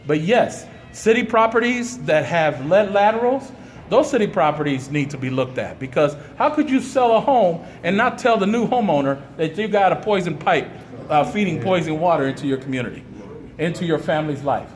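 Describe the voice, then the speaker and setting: A man's voice: on the high side, animated, moderate pace. A man speaking at a press conference, with a fiery, preacher-like delivery that climbs into outrage. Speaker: community activist at press conference. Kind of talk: impassioned press conference statement. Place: indoor hall at a press conference. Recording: echoey hall with faint room noise.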